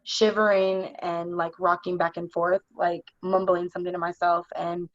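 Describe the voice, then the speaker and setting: A young adult woman telling her own story in conversation, in a halting, earnest way full of "like". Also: lowish voice, flat delivery, dry recording. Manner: halting, earnest, heavy use of "like". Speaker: interview guest. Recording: dull, dry lo-fi recording.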